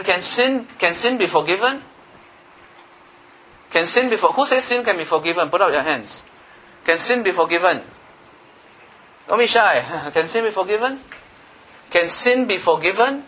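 A man's voice: sits high, moderate pace, pushed and bright. A man preaching a sermon with emphatic repetition, asking his listeners questions.

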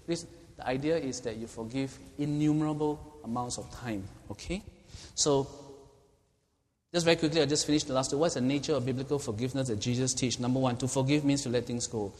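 Earnest preacher in a reverberant hall. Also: male voice, medium pitch, brisk. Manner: earnest, repeats key points, asks the room questions. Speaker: pastor. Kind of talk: sermon. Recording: hall reverb, faint ambience.

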